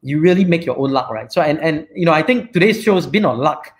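A man's voice: a little high, expressive, quick pace. Rambling Malaysian man hosting a live chat. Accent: Malaysian English. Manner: rambling, frequent fillers and "right?" tags. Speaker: show host and company CEO. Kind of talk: casual live-stream chat.

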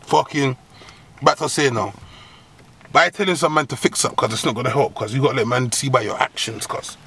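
A man giving comic advice as a host, in a profane, slang-heavy rant full of laughs and sudden high squeals. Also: a little fast, pushed and bright, slightly rough. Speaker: agony-uncle comedy host.

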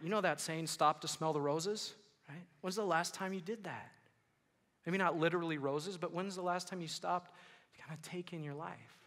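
A man preaching a sermon as pastor, lively and animated, acting out worried listeners and quoting scripture. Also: fairly high pitch. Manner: animated, acts out worried listeners and quotes with rising volume. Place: church sanctuary. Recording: long hall reverb of a church.

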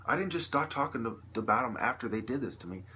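A man's voice: medium pitch, expressive, quick pace, pushed and bright, a little hiss or hum. A man delivering a long, agitated, profane vlog monologue to camera, peppered with "you know.". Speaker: video blogger.

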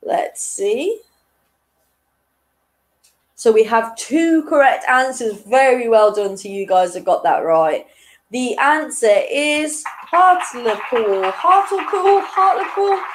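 A chatty, lively woman quiz host. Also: on the high side, slow. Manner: chatty and giggly, reading questions twice, tripping over words. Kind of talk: casual online quiz hosting.

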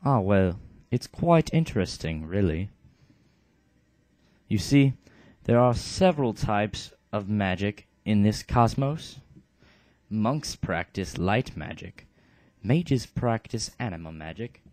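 A man's voice: lowish voice, animated, takes it slowly, darkish tone, no room sound. A man doing a prim British-accented shaman. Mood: explaining. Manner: prim, chatty and fussy. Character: bookish male shaman, polite and long-winded.

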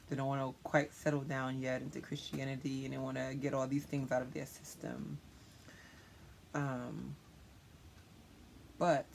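A youth leader answers questions in an earnest, reflective way, stopping often to find words. The voice sits at a middle pitch. A faint hum of room noise runs underneath. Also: vocal fry. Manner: earnest, reflective, with many fillers.

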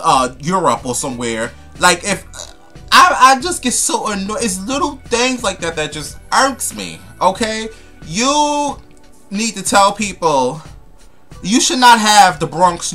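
A man's voice: high voice, sharp tone. A young man, ranting to camera in a sassy, profane, emphatic way. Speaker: vlogger. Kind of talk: casual rant to camera.

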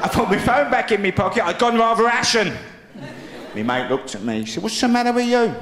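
Brief: stand-up comic, high bright voice, cheeky storyteller, roomy venue with a loud crowd. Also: male voice, animated, brisk. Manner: cheeky storytelling, acts out drunk self-talk. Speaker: stand-up comedian. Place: live comedy venue, played from archive.

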